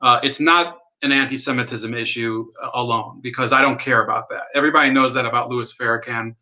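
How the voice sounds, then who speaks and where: A man talks in a loose, rambling way on a live stream, dry and sardonic, dropping swear words and answering his chat. His voice has a forceful, bright edge. The sound is dull and lo-fi, like a cheap computer mic. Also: mid-range voice, steady tone, brisk. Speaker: livestream host. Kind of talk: casual political livestream commentary.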